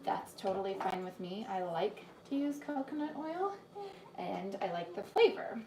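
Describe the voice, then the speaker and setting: A woman's voice: mid-range voice, sing-song, normal speed, roomy sound, distant mic, background noise. A woman hosting a live cooking demonstration from her home kitchen, chatting to viewers and greeting them by name as she explains each step. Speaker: cooking demo host and cookbook author.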